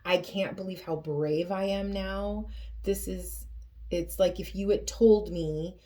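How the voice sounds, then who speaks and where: A woman reads tarot cards for her viewers in a slow, unhurried voice that sits a little low. She speaks earnestly and with feeling, often stopping to restart a thought. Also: warm tone. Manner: earnest, emotional, halting with many restarts. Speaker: tarot reader. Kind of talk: spoken tarot reading.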